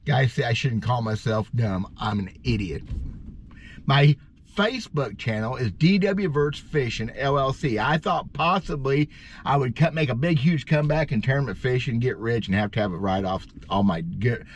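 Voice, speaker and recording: A man's voice: medium pitch, slight background noise. Folksy middle-aged man, rambling. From Missouri, USA. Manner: folksy, self-deprecating, drawn-out emphasis. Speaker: bass fishing vlogger. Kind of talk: casual rambling storytelling. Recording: dull lo-fi sound.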